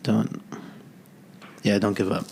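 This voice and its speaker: A man speaking off the cuff as a podcast guest, halting with many restarts. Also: fairly low pitch, little pitch movement, gravelly, a little mellow, slight background noise. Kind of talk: off-the-cuff conversation.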